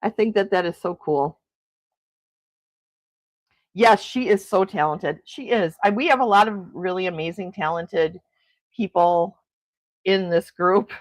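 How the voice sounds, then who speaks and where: A woman's voice: lowish voice, unhurried, pauses often, dry recording. A middle-aged woman hosting a casual morning livestream chat, gushing and laughing often as she reads viewer comments. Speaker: livestream host.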